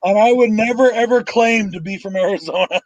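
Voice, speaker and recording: A man's voice: high-pitched, a little fast, crowd noise, low-quality recording. A man co-hosting a live web show, teasing and egging the others on. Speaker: co-host.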